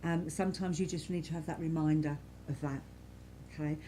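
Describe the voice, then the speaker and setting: A woman serving as a spiritualist medium, speaking softly and reassuringly to a congregation in a church, repeating herself often. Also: deep voice, fairly even intonation, a little fast, slight background noise. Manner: gentle, reassuring, repetitive, many "you know"s. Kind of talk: giving spirit messages to a congregation.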